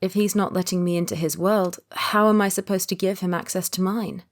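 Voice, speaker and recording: A woman narrating a romance audiobook in the first person, in a calm, measured read. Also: fairly low pitch.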